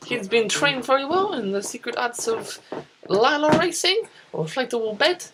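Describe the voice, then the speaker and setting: A woman's voice: high-pitched, expressive, moderate pace, noisy background. A young woman in her teens hosting a spoof news show, goofy and rambling, breaking into giggles. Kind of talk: mock news presenting.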